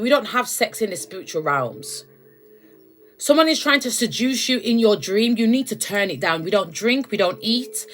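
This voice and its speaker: A woman's voice: a little high, a bit bright. A young woman giving a casual, emphatic spiritual rant to her viewers, calling them babes and collective. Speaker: spiritual content creator.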